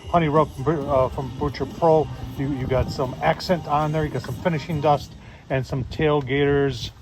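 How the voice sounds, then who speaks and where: A man hosts a casual outdoor barbecue demonstration, chatting in a folksy way to his viewers. Steady outdoor noise runs under his voice. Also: medium pitch. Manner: folksy, keeps saying "folks" and "I tell you what". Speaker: barbecue video host.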